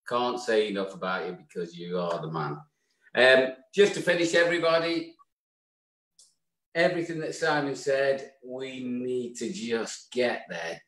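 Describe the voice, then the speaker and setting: A man's voice: medium pitch, lively intonation, a little slow, fairly bright tone. A man co-hosting a live online show, talking effusively and sentimentally as he thanks his co-host and signs off. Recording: roomy echo.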